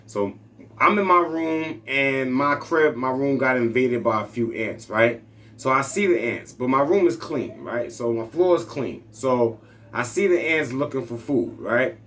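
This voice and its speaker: A man's voice: medium pitch, lively intonation, measured pace, fairly bright tone, slight background noise. A man telling a story in a casual, laid-back monologue, often ending lines with "right?". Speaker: speaker.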